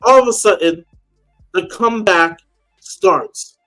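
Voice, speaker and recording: A man's voice: sits high, slow, pushed and bright, faint music behind. A man chatting casually on a call-in show, telling a story animatedly and acting out the people he quotes. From United States.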